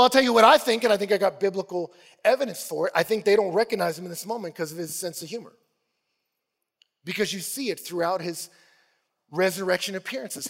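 A man preaching a sermon, telling stories in an animated, playful way and acting out the scenes. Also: sits high. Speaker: pastor. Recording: long hall reverb.

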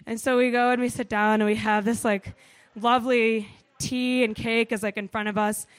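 A woman telling a comic travel story on stage, animated, swearing freely and saying "like" a lot. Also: fairly high pitch, moderate pace, no echo. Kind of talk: live comedic storytelling.

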